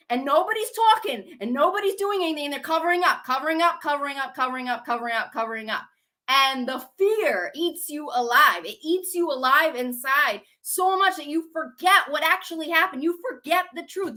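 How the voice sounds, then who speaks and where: A woman's voice: sits high, pushed and bright. A young adult woman talking to her viewers in an agitated, repetitive rant full of swearing and rhetorical questions. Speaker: channel host. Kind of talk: emotional monologue to camera.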